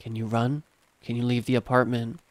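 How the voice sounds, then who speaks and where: A man's voice: mid-range voice, level tone, normal speed, no echo, close to an everyday voice. A man voicing an emergency phone operator who gives urgent, commanding instructions.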